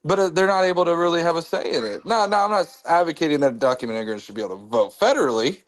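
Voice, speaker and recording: A man hosting a casual political chat, talking in an animated way and jumping up in pitch when he jokes. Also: racing. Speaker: host.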